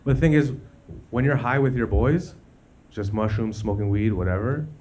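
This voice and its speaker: On a comedy club stage, a Canadian comic with a fairly low, slightly mellow voice works through his set at a moderate pace. His delivery is loose and conversational, with "you know" filling the gaps. Audience laughter runs through this live recording with the crowd.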